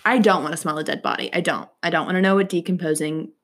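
A young woman casually telling a true-crime story on a podcast, acting out quotes with big jumps in pitch and sudden whispers. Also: steady tone, fast. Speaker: podcast co-host.

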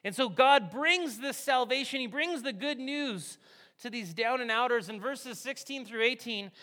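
A male pastor delivers a sermon in a high, bright voice. He preaches in a chatty, animated way, dropping to hushed tones and then rising to loud, excited bursts. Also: moderate pace.

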